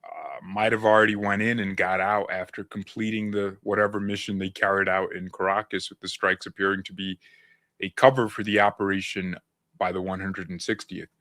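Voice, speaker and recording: A man's voice: deep voice, level tone, brisk, bright, forceful tone, dry recording. A man co-hosting a live stream, chatting casually about breaking news with slang and frequent laughs. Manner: joking, laughs often, slangy.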